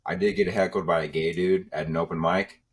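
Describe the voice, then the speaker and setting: A man's voice: sits low, steady tone, fairly quick. A young man, a comedian guest on a podcast, telling rambling stories in a laid-back way. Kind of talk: casual podcast chat.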